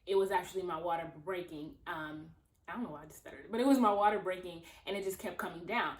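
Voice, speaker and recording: A woman's voice: lowish voice, fast talker. Chatty young woman in a roomy space. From Los Angeles, USA. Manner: chatty, talks to viewers as friends, acts out quoted voices. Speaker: vlogger. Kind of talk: casual storytime chat. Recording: roomy echo.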